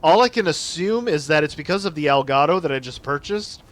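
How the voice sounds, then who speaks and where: A young Canadian man streaming gameplay live, chatting excitedly with viewers and apologizing a lot. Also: a little high, a little fast.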